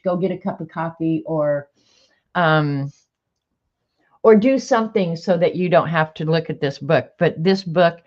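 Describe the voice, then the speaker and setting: A chatty woman with a lowish voice hosts a live stream, rambling casually and laughing often. The audio sounds dull and lo-fi. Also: a little mellow. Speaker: livestream host. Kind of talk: casual chat.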